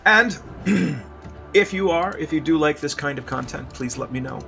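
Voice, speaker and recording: A man's voice: on the high side, animated, normal speed, vocal fry, music in the background. A man giving casual, rambling gameplay commentary, self-deprecating and restarting his sentences often.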